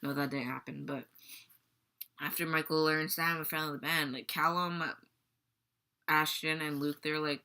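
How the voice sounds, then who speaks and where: A teenage girl with a low voice, sharp tone, and fairly even intonation vlogs casually at a moderate pace. She rambles and giggles while retelling a dream.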